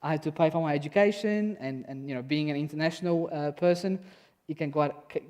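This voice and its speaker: A young man preaching a sermon in a church, conversational and animated, voicing quotes playfully. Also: fairly high pitch, brisk. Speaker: pastor.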